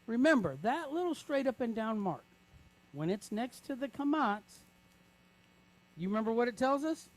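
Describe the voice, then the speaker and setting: A man with a very high voice and big swings in pitch teaches a reading lesson. He patiently breaks words into sounds, spelling them out slowly syllable by syllable, and checks in with the class after each step with a frequent "right?"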